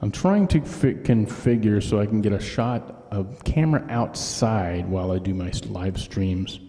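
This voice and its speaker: A man's voice: lowish voice, unhurried, mellow, big-room sound. A man hosting his own live stream from a room at home, rambling and joking at his own expense. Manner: rambling, self-mocking joker. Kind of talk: casual live-stream chat. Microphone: webcam or laptop.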